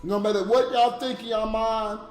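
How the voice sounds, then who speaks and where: A man's voice: sits high, fairly even intonation, normal speed, a little mellow, roomy sound, soft background music. A man telling an emotional personal story in a repetitive, profane, impassioned way, urging listeners not to give up.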